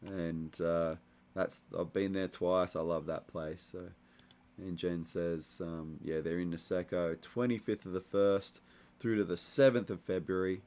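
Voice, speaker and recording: A low-pitched, slightly slow voice belongs to a young man running a casual livestream. He reads the chat and chats loosely, relaxed and meandering, with plenty of fillers.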